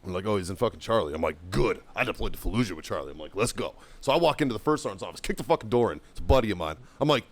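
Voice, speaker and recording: A middle-aged man, a podcast host, telling a profane story in casual chat, shouting when he quotes himself. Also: medium pitch, big pitch swings, racing, few pauses, dry recording.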